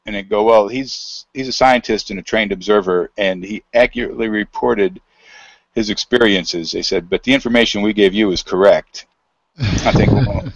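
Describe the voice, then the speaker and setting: A man telling a rambling story in a casual, halting way, full of fillers and quoted dialogue, over a video call. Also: on the low side, no room sound. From United States.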